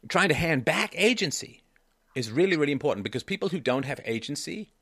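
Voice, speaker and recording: A man's voice: a little high, lively intonation, a little fast, a bit bright, no room sound, clean studio sound. A man hosting a call-in advice show, talking emphatically and repeating key phrases for stress.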